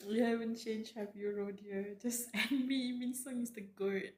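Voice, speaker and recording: A woman's voice: on the high side, fairly even intonation, a little slow, few pauses, darkish tone, echoey room. A woman streamer reading a story aloud live, tearful and reacting emotionally between read lines. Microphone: close desk mic.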